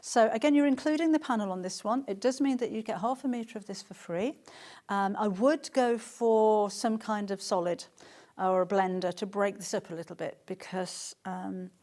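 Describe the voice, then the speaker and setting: A middle-aged woman, presenting a live sales show at an ordinary, even pitch. Her talk is chatty and gushing, and she reads out comments from viewers between her product points. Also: normal speed. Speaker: shopping channel presenter.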